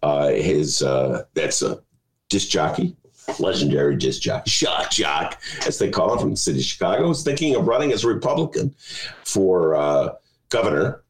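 A man's voice: a bass voice, animated, normal speed. A man hosting a talk show, chatting in a sarcastic, mocking way and laughing often. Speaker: radio show host. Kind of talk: casual comic talk show chat. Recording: roomy echo.

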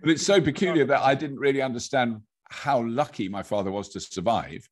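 An English man chatting as a podcast guest, a lively storyteller who restarts sentences and laughs as he goes. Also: medium pitch, fairly quick. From England. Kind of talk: casual conversation.

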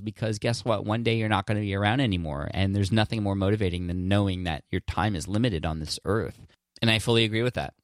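A man's voice: fairly low pitch, a little fast, no echo, studio quality. A man in his thirties hosting a podcast, talking earnestly in a casual, rambling way with frequent restarts and fillers. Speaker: podcast host answering listener questions. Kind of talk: casual solo podcast talk.

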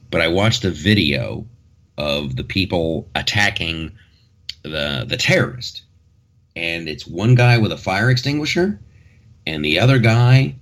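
A man's voice: low voice, fairly bright tone. A man hosting a podcast in casual chat, rambling and joking as he talks through the news. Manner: rambling, joking, many restarts. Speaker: podcast host.

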